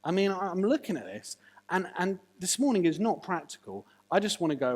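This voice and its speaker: Animated preacher with jokey asides. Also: medium pitch, brisk. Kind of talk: sermon.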